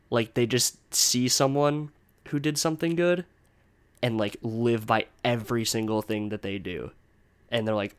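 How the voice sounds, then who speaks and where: Young male podcast host, casual solo rant, exasperated, profane, rambling. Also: medium pitch. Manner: exasperated, swearing, rambling with many "like"s.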